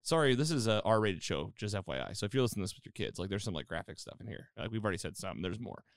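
A man's voice: fairly low pitch, racing, vocal fry, no echo, studio quality. A man hosting a casual chat, retelling a TV episode with lots of fillers and acted-out quotes. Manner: animated storytelling, acting out quotes, many fillers. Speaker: podcast host recapping a TV episode.

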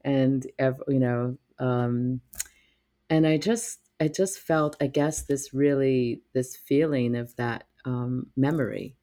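A man telling a personal story in a reflective, halting way, with many pauses and restarts. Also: medium pitch, mellow.

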